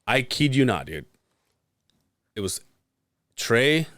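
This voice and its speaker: A podcast co-host with a mid-range voice speaks slowly in a dry, studio-quality recording. He tells a story in casual conversation, swearing freely and animatedly acting out what people said.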